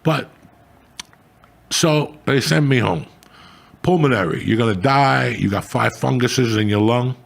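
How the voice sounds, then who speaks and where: An older man telling profane stories in casual chat, swearing often and working himself up into loud outbursts. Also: medium pitch, measured pace, creaky, pauses often. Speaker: comedian, show guest.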